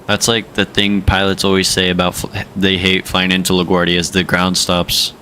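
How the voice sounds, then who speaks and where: A young man hosts a flight-sim livestream, talking in loose slang and cracking jokes. His voice sits a bit low but comes across bright and forceful, with a faint hiss behind it. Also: completely flat delivery, moderate pace. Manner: slangy, joking, drops into put-on accents. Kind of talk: casual livestream chat.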